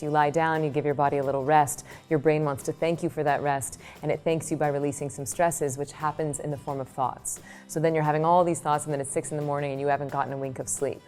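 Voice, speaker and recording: Low-voiced woman explaining meditation. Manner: lively storytelling, quick asides. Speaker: meditation teacher. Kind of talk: interview answer, explaining.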